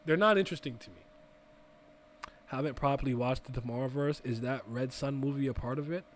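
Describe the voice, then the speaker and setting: A man's voice: mid-range voice, fairly quick, slight background noise. A young man co-hosting a casual podcast, rambling through restarts and swearing freely as he chats. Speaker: podcast co-host. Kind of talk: casual chat.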